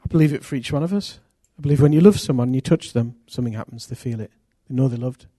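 A man preaching a sermon as pastor, earnest and intimate, with sudden loud rises. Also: mid-range voice, fast talker, no echo, studio quality.

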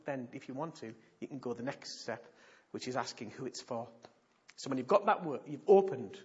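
This is sermon teaching from a pastor whose voice is on the high side and slightly rough; he tells stories animatedly and repeats his points for emphasis. The recording is lo-fi and dull.

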